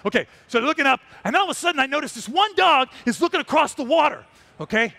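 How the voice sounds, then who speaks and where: High, fast-talking excitable man. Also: creaky. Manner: excitable, exclaiming, dramatic. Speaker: wildlife photographer presenting. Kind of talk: animated live storytelling talk. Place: stage at a large trade show.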